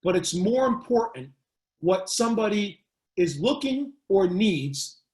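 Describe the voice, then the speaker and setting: A man giving a webinar lecture on public speaking, measured and emphatic, addressing one listener by name. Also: sits high, very animated, darkish tone. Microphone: webinar mic. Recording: echoey room.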